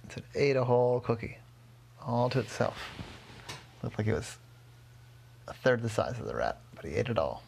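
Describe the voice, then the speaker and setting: Gravelly father telling a bedtime story. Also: medium pitch, big pitch swings, normal speed, long pauses, slight background noise. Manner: rambling, self-correcting, gentle.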